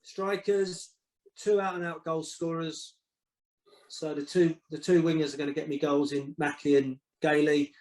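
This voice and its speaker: A man talking as a podcast guest, telling football stories in a casual, animated way, often repeating words and acting out what others said. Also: a little high, a little slow, low-quality recording. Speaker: guest, former football manager. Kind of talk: casual storytelling.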